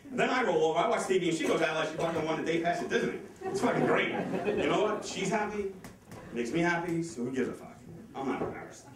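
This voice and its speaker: A nervous man doing a fast, profane stand-up comedy set on a club stage, with the audience laughing behind him. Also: fairly high pitch, distant mic. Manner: fast, excitable, profane delivery. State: nervous, sweating. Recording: echoey club audio from afar.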